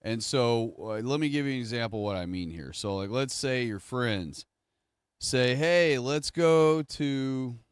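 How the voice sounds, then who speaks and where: A man's voice: fairly low pitch, moderate pace, smooth, no echo, studio quality. A man talking to his audience in a casual livestream monologue, rambling and correcting himself as he goes. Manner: rambling, self-correcting, conversational. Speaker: streamer.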